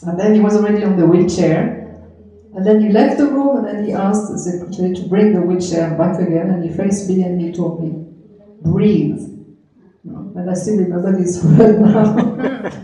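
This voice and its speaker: A middle-aged woman, a swami and yoga teacher, recalling memories of her teacher with gentle storytelling and frequent soft laughter. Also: medium pitch, brisk. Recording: very echoey room.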